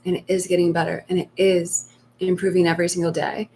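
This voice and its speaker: Soft-spoken woman coaching on a live stream. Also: fairly low pitch, little pitch movement, a little hiss or hum. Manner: soft, slow and reflective, acting out inner voices in hushed tones. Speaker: meditation coach.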